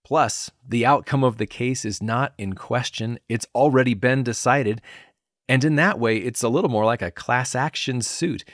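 A man hosting a podcast, giving an earnest, measured devotional teaching. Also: mid-range voice, no room sound, clean studio sound. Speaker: podcast host and Bible teacher.

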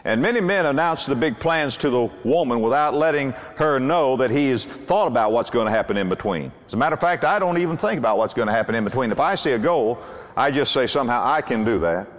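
A man's voice: mid-range voice, lively intonation. Older man preaching with swooping emphasis. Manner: emphatic, swooping preacher cadence with dramatic pauses. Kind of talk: sermon. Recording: long hall reverb.

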